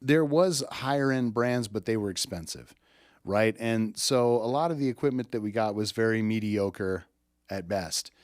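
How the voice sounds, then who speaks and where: A man's voice: on the low side, normal speed, a little mellow, no echo, clean studio sound. Blunt, emphatic male audio engineer. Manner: blunt and emphatic, swears, keeps checking with "right?". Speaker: audio engineer teaching mic technique. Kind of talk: casual spoken lesson. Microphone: studio microphone with tube preamp.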